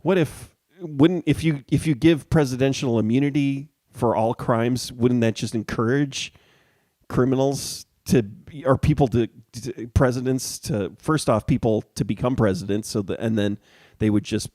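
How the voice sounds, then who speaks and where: A middle-aged man from the Chicago area, co-hosting a casual chat show and talking in a halting way with many fillers. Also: medium pitch, warm tone, dry recording, studio quality. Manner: hesitant, halting, many ums and uhs. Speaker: podcast co-host.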